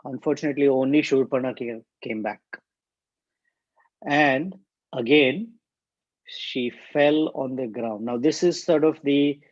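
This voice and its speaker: Slow, dry-voiced scripture teacher. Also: male voice, mid-range voice, no echo. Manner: unhurried, recites verses and explains. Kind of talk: scripture class narration. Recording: dull, dry lo-fi recording.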